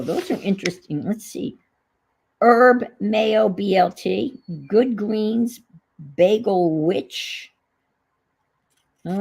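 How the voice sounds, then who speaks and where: A woman's voice: mid-range voice, gravelly, a little mellow, husky, rough recording. A middle-aged woman with a New England accent, chatting casually on a livestream, reminiscing and reading viewer comments aloud. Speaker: livestream host.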